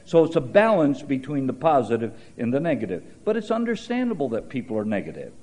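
A man preaching a sermon, mixing scripture with folksy stories and dry humor, shifting his pace and loudness for emphasis. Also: mid-range voice, very animated, fast talker.

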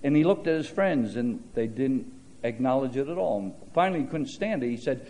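A man preaching a sermon, mixing scripture with folksy stories and dry humor, shifting his pace and loudness for emphasis. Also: mid-range voice, animated, brisk.

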